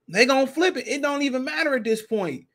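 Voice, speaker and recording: A man's voice: extremely high pitch, lively intonation, a little fast, fairly bright tone. A man hosting a podcast, ranting in a heated, profane, repetitive way. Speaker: podcast host. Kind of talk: casual podcast rant.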